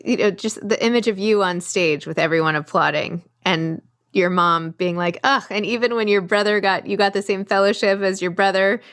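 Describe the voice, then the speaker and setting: A woman's voice: mid-range voice, steady tone, moderate pace, few pauses, fairly bright tone. A woman hosting a live interview, talking casually and chattily. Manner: chatty, lots of "like" and "you know". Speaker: host.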